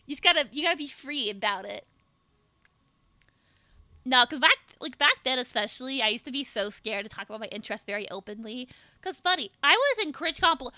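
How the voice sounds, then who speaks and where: A woman's voice: sits high, very animated, a little fast, bright, forceful tone, dry recording, studio quality. A young adult woman VTuber streaming with the flu, chatting casually with her viewers, joking and swearing with lots of "like". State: sick with the flu. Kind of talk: casual live-stream chat.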